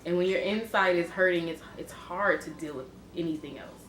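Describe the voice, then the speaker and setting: Halting low-voiced woman vlogging in an echoey room. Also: a bit bright, a little hiss or hum. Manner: halting, rambling, many restarts and fillers. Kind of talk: personal confessional vlog.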